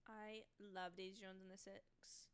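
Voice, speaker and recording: A woman's voice: medium pitch, level tone, measured pace, clean tone. A young woman hosting a casual livestream from home, chatting in a self-deprecating way and often trailing off mid-thought. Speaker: livestream host. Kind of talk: casual live watch-along commentary.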